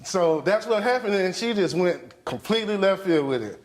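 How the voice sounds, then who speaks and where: A man answering in court who sounds defensive as he explains himself. His voice sits a bit high for a man. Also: animated, moderate pace. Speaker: litigant on a court show. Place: television courtroom set.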